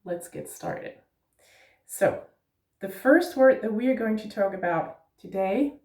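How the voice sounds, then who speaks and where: A woman's voice: fairly high pitch, expressive, unhurried, dark tone, reverberant, recorded from a distance. A woman teaching Danish pronunciation, patiently spelling out letters and checking in with "yeah?". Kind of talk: pronunciation lesson.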